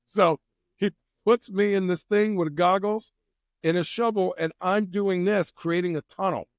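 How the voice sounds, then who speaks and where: A man chatting casually as an interview guest, telling lively stories and acting out what people said. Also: high-pitched, a little slow, no room sound, studio quality. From United States. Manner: animated storyteller who acts out quotes. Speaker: guest, wine company president.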